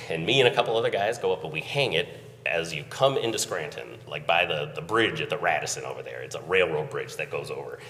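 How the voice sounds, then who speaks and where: A very deep-voiced man recounts an event at a conference in a relaxed way. He sounds far from the mic in a hall with a long reverb. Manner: conversational, recounting with chuckles. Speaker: event organizer. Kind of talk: conference talk storytelling. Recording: echoey hall, voice from afar.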